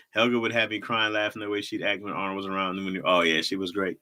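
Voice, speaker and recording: A man's voice: on the low side, a little fast, sharp tone. A young man hosting a casual livestream, bantering with chat and laughing often. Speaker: livestream host.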